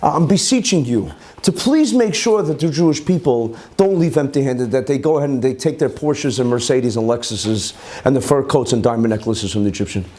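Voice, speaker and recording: A man, a rabbi, teaching a lively Torah class to a live audience, firing off rhetorical questions and Hebrew terms. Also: mid-range voice, a little fast, few pauses.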